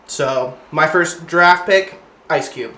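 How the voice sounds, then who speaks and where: A young adult man hosting a podcast, chatting loosely and excitably and calling his co-host "dude". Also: on the high side, slow, echoey room. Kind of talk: casual chat.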